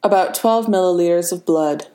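A woman's voice: fairly low pitch, dark tone, natural voice. A woman voicing a smug gloating villain. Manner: smug, unhurried.

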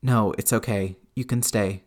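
A man reading the part of an exhausted, grieving middle-aged woman who speaks in a hushed rasp. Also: fairly low pitch, fairly even intonation, moderate pace, close to an everyday voice. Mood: weary. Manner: rasping, hushed.

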